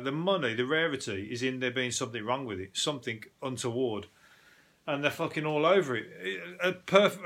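A man's voice: mid-range voice, sharp tone. A man hosting a solo podcast, running through odd news stories in a sweary, mocking way and laughing at his own jokes. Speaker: podcast host. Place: at home, no video.

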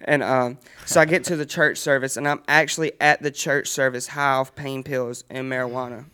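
A man's voice: medium pitch, steady tone, moderate pace, bright, forceful tone, clean tone. A young man telling his personal faith testimony earnestly in a casual chat, often laughing as he speaks. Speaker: guest sharing testimony.

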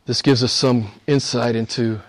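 A male pastor preaching a sermon in a conversational way, speaking straight to his listeners and swinging from loud stresses down to near-whispers. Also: mid-range voice, steady tone, moderate pace. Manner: conversational, addresses listeners directly.

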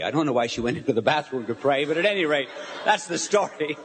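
Older male preacher, very expressive pitch, live sermon in a reverberant hall, chatty with the audience. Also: fast, a little hiss or hum. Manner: animated storyteller, asks the audience questions. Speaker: bishop preaching.

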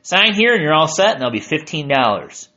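A man voicing a friendly, chatty female park ranger who briskly reads rules off a form. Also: on the high side, sing-song, pushed and bright, lo-fi sound.

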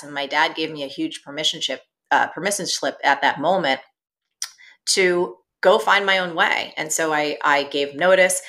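A woman guest on an interview show, telling her story in a lively, animated way. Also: deep voice, moderate pace. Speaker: guest, entrepreneur and business coach.

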